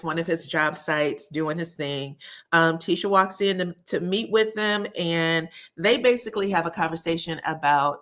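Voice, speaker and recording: A married woman recapping reality TV episodes on a live stream, chatting casually, calling viewers honey and baby, and acting out quotes from the scenes. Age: adult, married. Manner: acts out quotes from the scenes with lively pitch jumps.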